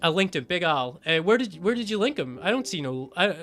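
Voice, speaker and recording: Bright, animated young male gamer. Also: sits high, fairly quick, soft background music. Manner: rambling, jokey, sweary tangents. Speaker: gaming video host. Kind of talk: let's play commentary.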